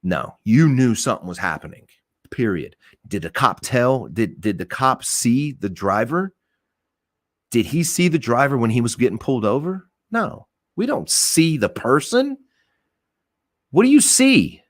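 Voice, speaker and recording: Man, police officer, podcast rant, emphatic, profane, repeats himself, animated pitch. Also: a little slow, no echo, clean studio sound. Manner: emphatic, blunt and profane, repeats points for stress. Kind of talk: opinionated podcast talk.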